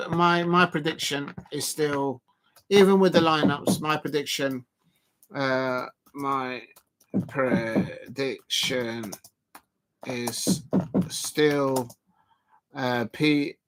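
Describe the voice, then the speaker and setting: A man hosting a live football watch-along with a slightly higher voice. He rambles casually to his viewers, often trailing off into ums and restarting his sentences. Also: a bit bright, smooth. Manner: rambling, full of fillers and restarts, talking to chat viewers.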